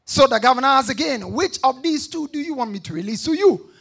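A man preaches a sermon in a very high, gravelly voice with a husky edge. He reads scripture aloud, calls on the congregation to repeat after him, and rises to shouts at the peaks. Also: expressive, brisk. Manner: call-and-response, shouting at peaks.

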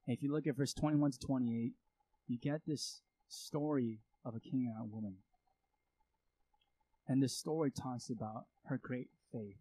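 A man's voice: mid-range voice, steady tone, normal speed, warm tone, low-quality recording. A man preaching a sermon, speaking earnestly and acting out prayers and indignant reactions to make his point. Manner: earnest, acts out prayers and reactions with rising intensity. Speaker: pastor.

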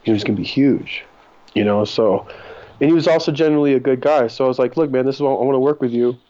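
Podcast guest, male, casual storyteller with a mellow, mid-pitched voice and lots of swearing. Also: quick pace, lo-fi sound. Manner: rambling, profane, laughs often. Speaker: podcast guest, cannabis breeder.

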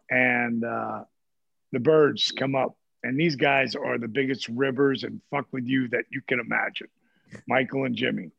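Older man in his 60s, gravelly and husky, profane animated storyteller, dull recording. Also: medium pitch, dry recording. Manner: profane, animated, acts out quotes. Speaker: guest telling stories. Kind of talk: casual storytelling. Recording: dull, muffled audio.

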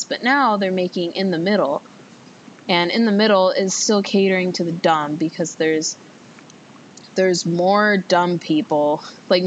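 A young adult woman hosting a casual solo podcast, chatty and rambling, with lots of filler words. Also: low-quality recording. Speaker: podcast host. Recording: loud recording with faint rumble.

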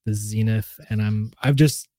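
A man co-hosting a casual podcast chat, sounding relaxed and keen, often trailing off and restarting his sentences. His voice is dark and mellow, recorded dry and close with no room sound. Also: lowish voice, a little slow, dry recording. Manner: relaxed, enthusiastic about watches, trailing restarts. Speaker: podcast co-host.

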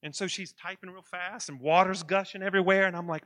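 A man preaching as a pastor, telling a lively anecdote with chuckles and asides to his congregation. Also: high-pitched, fast talker, few pauses, no room sound, studio quality. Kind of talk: storytelling sermon.

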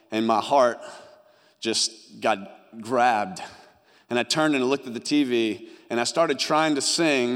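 A young man preaching a sermon, giving an earnest personal testimony that rises and falls in intensity. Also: fairly high pitch. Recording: long hall reverb.

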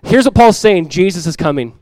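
Speaking briskly from a church sanctuary, a middle-aged male pastor preaches with earnest, direct conviction and repeats his key lines for force. He brings in lively, animated everyday voices, his own voice a bit high for a man, recorded close and dry with little echo.

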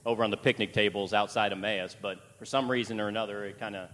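A man's voice: on the low side, steady tone, fast, fairly bright tone, a little hiss or hum. A man pastor opening a church service, teasing the congregation with light jokes before introducing guests. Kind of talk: sermon intro with light humor.

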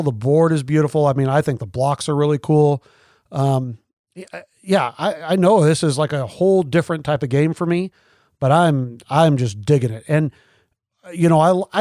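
Rambling man, slightly high voice. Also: dark tone, no echo, clean studio sound. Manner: hesitant, rambling with fillers. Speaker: podcast co-host. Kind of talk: casual chat.

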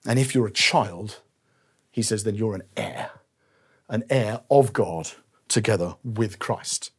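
40s guy preaching, husky and breathy, chatty and personal, laughs at himself a bit. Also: lowish voice, slow pace. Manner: warm, personal storytelling with self-deprecating asides. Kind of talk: conversational sermon.

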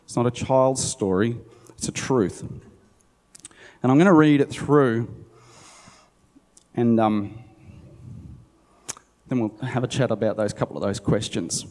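A man delivering a sermon, reading scripture and stopping to muse about it in a relaxed, conversational way. His voice is mellow and warm. A long hall reverb trails behind every line. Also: mid-range voice, measured pace, pauses often. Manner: conversational, musing aside. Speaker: preacher. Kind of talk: sermon, Bible reading with commentary.

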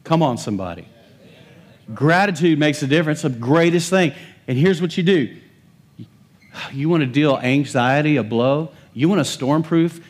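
A male pastor preaching a lively sermon, joking with the congregation and building emphasis. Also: medium pitch. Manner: animated, humorous preaching with rising emphasis.

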